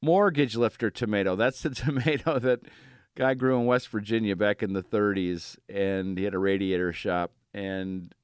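A man's voice: lowish voice, steady tone, moderate pace, clear, resonant tone, dry recording. A man hosting a radio gardening show in a studio, chatty and upbeat, laughing easily between thoughts. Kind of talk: casual radio talk. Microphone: studio microphone.

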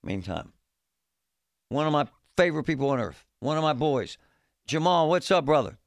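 A man's voice: on the high side, very animated, normal speed, vocal fry, dry recording, studio quality. A man hosting a talk radio show, speaking bluntly in a fed-up, folksy way. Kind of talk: opinionated talk radio monologue. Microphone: studio microphone.

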